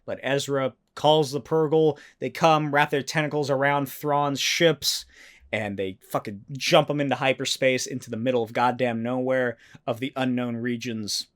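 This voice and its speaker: A man hosting a solo podcast, talking casually and excitedly, with frequent swearing and animated rants. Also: medium pitch, normal speed. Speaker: podcast host.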